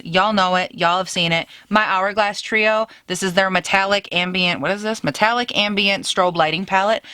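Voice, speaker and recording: A woman's voice: fairly low pitch, dry recording. Gushing young woman beauty vlogger. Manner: gushing, animated, chatty. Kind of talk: casual makeup review to camera.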